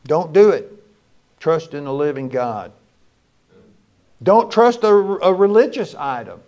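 A male pastor preaching a sermon, moving between loud exclamations and quiet, low lines. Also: expressive, takes it slowly, highs cut off.

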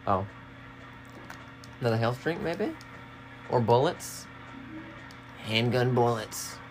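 A woman co-hosting a casual let's-play, chatting and loudly coaching the player through fights. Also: a bass voice, lively intonation, slow pace, music in the background. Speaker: co-host watching a game being played.

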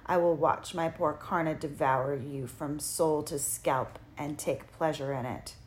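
A woman voicing a rasping, menacing old male spirit. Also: low voice, fairly even intonation, a little hiss or hum. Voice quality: rasping, creaking. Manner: slow, coaxing and menacing. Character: sinister ancient male spirit who steals time. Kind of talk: audiobook character voice.

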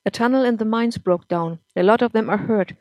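A woman reading as an indifferent nurse in a storybook reading, speaking in a flat, cold, matter-of-fact way. The recording is dry, with no room sound. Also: a little high, fairly quick, no echo, close to an everyday voice.

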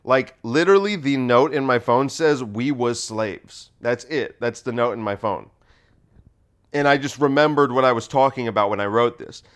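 A male comedian riffing loosely off the top of his head, rambling and chuckling at his own jokes. His voice sits at an ordinary mid pitch, and his talk is casual and meandering. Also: moderate pace, a bit bright, clear, resonant tone. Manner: rambling, self-amused, laughs at own jokes. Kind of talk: solo comedy riff.

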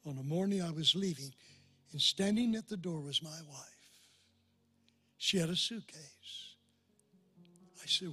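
Older man, pastor, fervent sermon voice, high and husky, preaching in a big church. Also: animated, a little slow, pauses often, soft background music. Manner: impassioned preaching, building to loud climaxes. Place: large church before a crowd.

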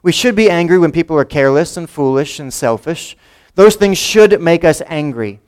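A man's voice: fairly high pitch, lively intonation, normal speed, a little mellow, smooth. A male pastor preaching a conversational sermon in a church, often asking his congregation questions.

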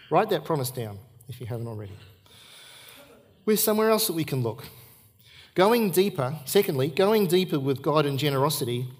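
A man's voice: medium pitch, a little mellow, breathy edge. A middle-aged man, preaching a sermon at a church service and repeating key points for emphasis. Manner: earnest storytelling with emphatic repetition. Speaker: pastor.

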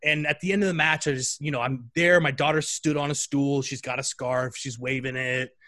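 A man telling a story in a casual chat, animated and full of fillers. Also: mid-range voice, brisk. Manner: animated, chatty, many fillers.

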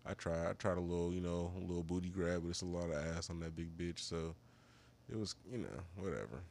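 A man co-hosting a podcast, telling a profane story in casual chat and acting out the people he quotes in higher voices. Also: steady tone, brisk, a little mellow. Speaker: podcast co-host.

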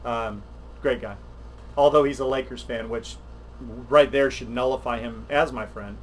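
An older man, chatting on a podcast livestream, rambling and animated with many restarts. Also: mid-range voice, normal speed, a little hiss or hum. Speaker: podcast co-host. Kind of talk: casual chat on a livestream.

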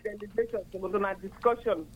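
An older woman from Nigeria with a Nigerian accent, calling in to a radio chat and explaining at length, earnest and steady. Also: medium pitch, fairly quick, phone-quality sound, crowd noise. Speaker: caller.

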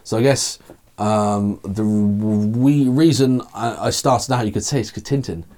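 A man's voice: fairly low pitch, a little slow, warm tone, faint music behind. A man talking as a guest in a casual podcast chat, thoughtful and meandering with many fillers.

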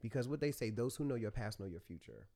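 An American man telling stories in a casual chat, animated and acting out quoted voices. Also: medium pitch, fast. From United States. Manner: animated storyteller, acts out quotes.

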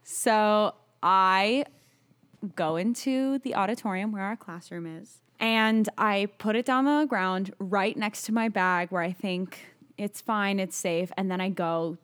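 A young woman co-hosting a podcast, telling a story in animated casual chat. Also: mid-range voice, unhurried, clean tone. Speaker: podcast co-host.

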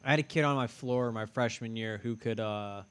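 A man's voice: medium pitch, moderate pace, clean tone. Laid-back young man, joking. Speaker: podcast co-host. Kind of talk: casual chat.

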